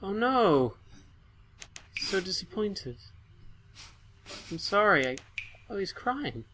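A man's voice: high voice, very animated, takes it slowly, bright, forceful tone, slight background noise. A young man giving chatty, easily startled commentary while playing a game, talking to its figures. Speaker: gamer. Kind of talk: let's play commentary. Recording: faint piano music behind.

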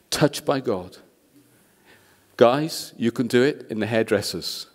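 Male guest preacher, lively storyteller, mid-pitched voice. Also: slow pace. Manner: animated storyteller, voices the people in his stories. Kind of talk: sermon with storytelling.

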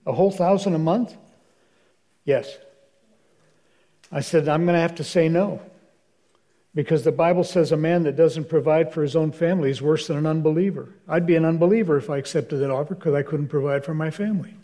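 Older male minister, dry storyteller, somewhat high, mellow tone. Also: fairly quick. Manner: wry anecdotal storyteller, acts out dialogue. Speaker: guest speaker, minister. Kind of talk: storytelling in a church Q&A. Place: church hall.

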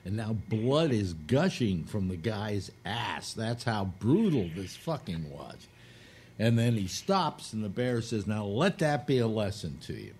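A man with a low voice tells a rambling joke on a casual talk show. He swings his pitch widely as he acts out quotes. Faint noise sits behind him. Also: a little slow. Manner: animated joke-telling with acted quotes, crude. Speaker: host telling a joke. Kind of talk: casual radio chat, storytelling.

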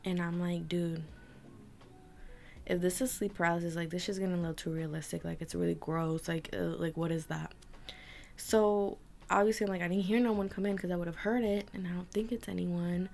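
A woman's voice: on the low side, fairly even intonation, a little fast, gravelly, darkish tone. A young woman vlogger telling a frightening personal story to her camera, tense and emotional, often dropping to a whisper. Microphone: camera mic.

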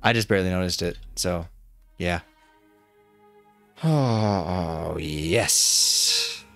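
A man streaming a fantasy game, commenting casually in a goofy, excitable, playful way. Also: low-pitched, very slow, faint music behind. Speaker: gaming streamer. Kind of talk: casual let's-play commentary.

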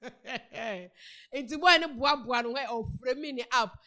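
A woman's voice: high voice, measured pace. A woman with a Ghanaian accent giving casual, chatty celebrity news commentary, retelling a story with lots of repetition. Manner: chatty, animated storytelling with repeated words. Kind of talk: casual news commentary mixing Twi and English.

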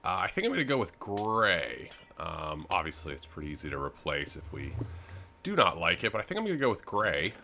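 A man's voice: deep voice, very animated, a little fast, vocal fry, bright, forceful tone, slight background noise. A young man, rambling easily through casual game commentary with lots of filler words. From Canada. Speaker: gaming video host.

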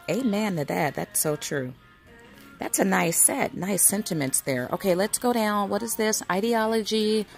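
Chatty woman browsing a store, unhurried. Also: on the low side, gravelly. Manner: chatty, reads labels aloud, muses to herself. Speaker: craft vlogger browsing a store. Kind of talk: casual shopping walkthrough. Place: indoor retail store aisle.

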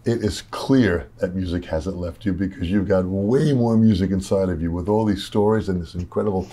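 Male interview host, warm affirmations. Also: sits low, moderate pace. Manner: encouraging, frequent short backchannels. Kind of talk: casual interview.

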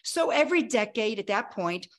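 A woman in her sixties speaks with a voice that sits a little high. She tells her own story as a podcast guest, vivid and dramatic, and acts out the dialogue she remembers. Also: animated, moderate pace. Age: 60s. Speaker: guest, health coach. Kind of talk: personal storytelling in a podcast interview.

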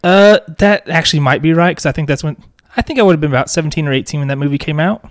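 A man's voice: on the high side, racing, no echo. A man in his thirties co-hosting a podcast, chatting casually with dry, teasing banter. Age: 30s. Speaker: podcast co-host. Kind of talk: casual chat.

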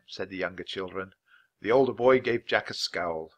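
A man reading a children's chapter book aloud for language learners, clear and measured. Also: low voice, lively intonation. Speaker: storybook reader. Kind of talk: scripted narration for language learners.

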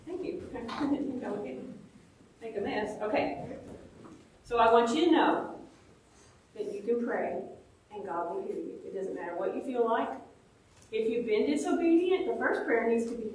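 Woman doing a kids bible lesson, lively, keeps asking questions, kinda high voice, mic far off in a super echoey church room. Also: moderate pace, pauses often, a little hiss or hum. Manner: lively, asks questions, acts out little prayers. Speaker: children's Bible teacher. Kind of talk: interactive children's lesson.

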